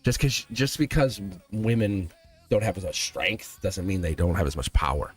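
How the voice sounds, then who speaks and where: Man, tarot reader, live reading, earnest, emphatic, fairly low voice, faint background music. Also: normal speed, slightly rough. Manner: earnest, emphatic, speaks straight to viewer.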